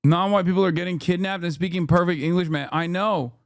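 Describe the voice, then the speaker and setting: Guy streamer reacting live, kinda high smooth voice, swearing a lot, super sarcastic and fed up. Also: steady tone, fast, dry recording, clean studio sound. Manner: profane, incredulous ranting with sarcastic asides. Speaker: streamer reacting to clips and chat.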